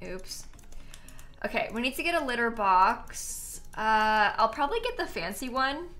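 Woman streamer, casual and giggly, sits a little high in pitch. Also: sing-song, unhurried, pushed and bright, soft background music. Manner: chatty, giggly, talks to chat. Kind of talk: casual gameplay commentary.

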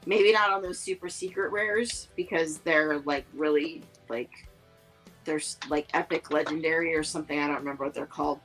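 Woman, low voice, casual podcast chat, rambling, lots of fillers, faint music behind. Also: steady tone, normal speed, a bit bright, rough recording. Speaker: podcast co-host.

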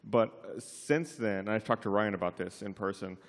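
A man with a fairly low voice, co-hosting a live panel and explaining a game at length with plenty of "uh" and "like." His voice rings with a long reverb from a big convention hall. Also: fairly even intonation, normal speed, gravelly. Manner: explains at length, many fillers. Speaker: podcast co-host on a live panel. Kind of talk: casual panel chat.

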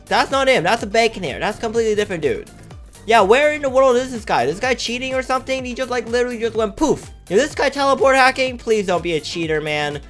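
A man giving excitable, trash-talking commentary over his own gameplay as a gaming YouTuber. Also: extremely high pitch, fast talker, faint music behind.

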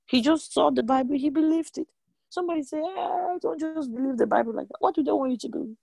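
A woman preaching a sermon, animated and emphatic, repeating lines and jumping in pitch. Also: fast talker, vocal fry, no room sound.

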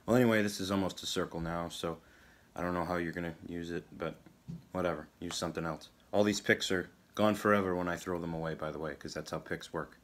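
A man with a deep, slightly bright voice hosts a comedic guitar video, speaking in a dry, sarcastic way full of rambling asides.

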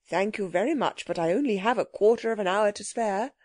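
A woman voicing a learned elderly gentleman who speaks mildly and politely. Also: mid-range voice, brisk, no echo, studio quality, lightly acted. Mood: musing. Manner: mild, polite, musing.

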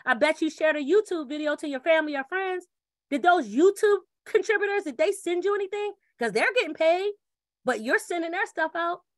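A woman gives an energetic sales pitch for a referral program in a very high, bright voice. She acts out quick back-and-forth scenes and repeats her catchphrases. The recording is dry and close.

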